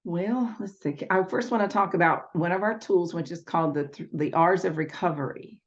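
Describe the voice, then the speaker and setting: A woman's voice: fairly low pitch, moderate pace. A woman who works as a parenting educator, answering interview questions in a patient, instructive way. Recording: dull lo-fi audio.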